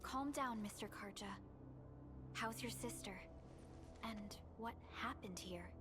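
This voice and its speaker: An actress playing a calm, reassuring woman companion who speaks in a measured way. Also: a little high. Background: game music.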